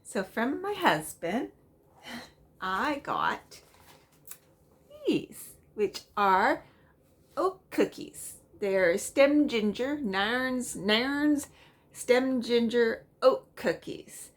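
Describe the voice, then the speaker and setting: Chatty middle-aged woman, lively pitch. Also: very slow. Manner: rambling, with frequent ums and small laughs. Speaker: cross-stitch vlogger. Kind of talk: casual chatty show-and-tell.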